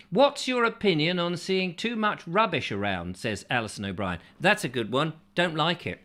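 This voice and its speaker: Male host, comic rambling delivery, rhetorical asides, very animated pitch. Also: normal speed, few pauses. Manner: jokey, rhetorical questions, mock-confused asides. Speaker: show host reading viewer comments.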